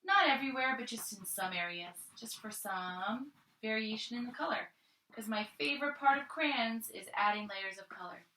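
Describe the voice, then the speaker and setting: A woman's voice: a little high, normal speed, recorded from a distance. Encouraging art teacher woman, echoey room. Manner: gentle, encouraging, thinks aloud while drawing. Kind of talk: friendly step-by-step art lesson.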